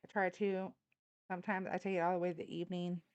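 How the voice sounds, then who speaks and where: A woman's voice: lowish voice, level tone, fast talker, a little mellow, clean tone, no room sound, muffled recording. A tired woman from Texas with a Texan accent, hosting a casual political livestream in a blunt, outspoken, slangy way. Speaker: livestream host.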